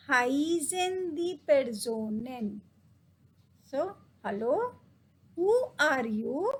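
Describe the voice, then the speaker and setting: Slow high-voiced woman teaching German. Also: slightly rough, poor audio. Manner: explains in English, reads German phrases slowly. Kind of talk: casual language lesson.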